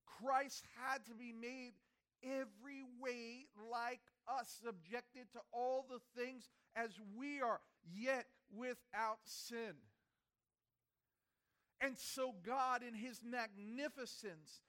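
A man preaching a sermon, swinging between loud emphasis and hushed delivery, with rhetorical questions. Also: very high voice, fairly even intonation, takes it slowly, smooth.

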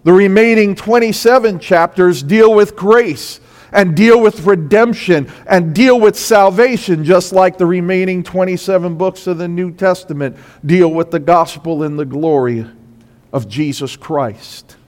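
A man's voice: high voice, unhurried. A man preaching a sermon as pastor, impassioned, his voice rising and falling for emphasis. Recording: long reverb of a large hall.

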